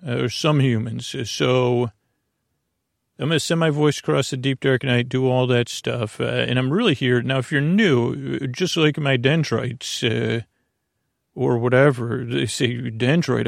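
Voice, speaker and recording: A middle-aged man hosting a sleep podcast, talking in a meandering, self-interrupting, soft and lulling way with a creaky voice. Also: mid-range voice, a little slow, no room sound, studio quality. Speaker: podcast host. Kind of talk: rambling sleep podcast monologue.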